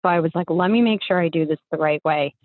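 Young woman, low-ish voice, rambling casual storyteller, tinny dry phone line. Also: fast talker, no room sound. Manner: rambling, full of fillers and restarts. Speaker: guest storyteller.

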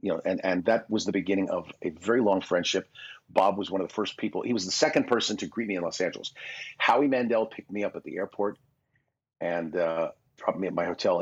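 Deep-voiced and slightly rough, the sixty-something Canadian voice actor talks fast on a casual podcast interview, spinning rambling, self-mocking stories about his younger days. The audio sounds dull and lo-fi.

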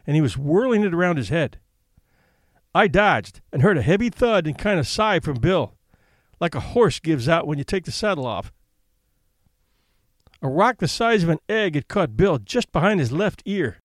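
A man's voice: fairly high pitch, no echo. A man narrating an audiobook story in a wry, folksy way, switching into character voices.

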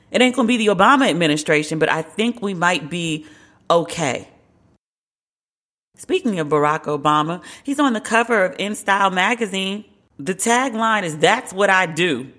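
A podcast host giving casual, wry solo commentary, chatty and animated in retelling. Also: mid-range voice.

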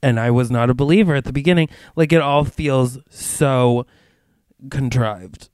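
Smooth-voiced man leading a chatty podcast. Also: medium pitch, a little slow, darkish tone, no room sound. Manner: chatty, leads the segments, lots of "like". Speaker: podcast co-host. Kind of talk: casual chat.

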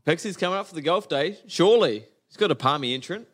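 A man, co-hosting a podcast with loud, joking, sweary banter. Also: fairly high pitch, lively intonation, fast talker. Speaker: podcast co-host. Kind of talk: casual chat.

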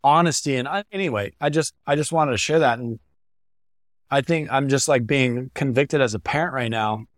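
A man's voice: medium pitch, moderate pace, no room sound, clean studio sound. A man speaking as a guest on a podcast, earnest and reflective, sharing heartfelt thoughts. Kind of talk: reflective interview chat.

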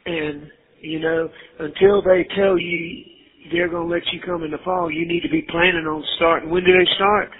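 A man's voice: fairly high pitch, little pitch movement, moderate pace, husky. A middle-aged man on a recorded jail phone call, coaching and insisting, repeating his points. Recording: tinny jail phone line.

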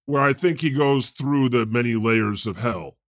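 A man's voice: mid-range voice, normal speed, no room sound, studio quality. A man riffing as God on an improvised comedy podcast, rambling and jokey, often laughing. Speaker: podcast host playing God.

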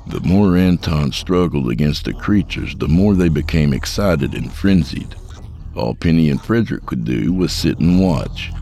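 A man narrating a horror story in a measured, dark storytelling manner. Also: very deep voice, animated, creaky. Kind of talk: scripted narration.

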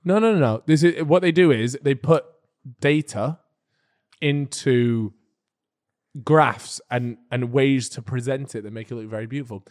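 A man's voice: mid-range voice, a little mellow. A man co-hosting a podcast, chatting casually and teasing his co-hosts. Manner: teasing, quick to joke. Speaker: podcast co-host. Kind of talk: casual chat.

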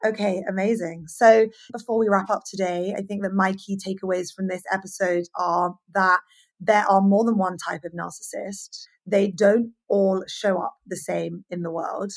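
Woman, podcast host, husky breathy voice, candid, animated, casual chat. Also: medium pitch. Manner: candid and animated, sharing personal stories.

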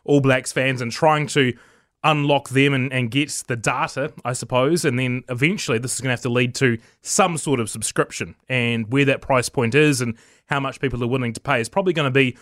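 A man's voice: mid-range voice, steady tone, a little fast, fairly bright tone, no room sound. A New man, a rugby editor, chatting easily in a radio studio interview.

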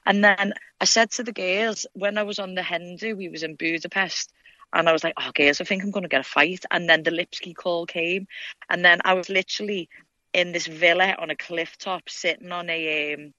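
A woman's voice: on the low side, fairly even intonation, normal speed, pushed and bright, no room sound, dull audio. A young woman with a Scouse accent, a fighter, chatting freely in an interview and swearing often. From Liverpool, England. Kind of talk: casual interview.

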